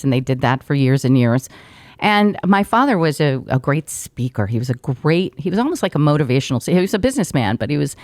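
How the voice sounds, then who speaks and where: Middle-aged woman, radio pro, low voice, close dry studio mic, warm anecdotal guest. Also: no room sound. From Brazil. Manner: warm, storytelling, laughs often, trained radio delivery. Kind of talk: casual interview chat.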